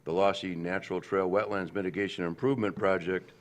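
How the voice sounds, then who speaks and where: Deep-voiced male commissioner, halting and rambling at a public board meeting. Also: steady tone. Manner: rambling, halting with fillers and restarts. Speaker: county commissioner. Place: county board meeting room.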